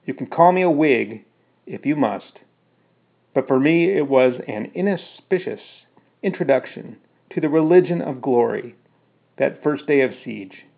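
A man narrates a first-person story in a steady voice of middling pitch, then explains it casually with fillers. The recording is narrow and phone-like. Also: unhurried, creaky. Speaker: storyteller reading his own story.

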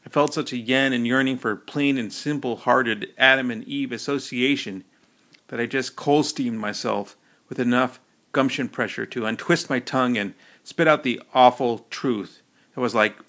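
A man's voice: mid-range voice, measured pace, sharp tone. A man narrating a first-person novel as an audiobook, telling the story in a folksy, wry way.

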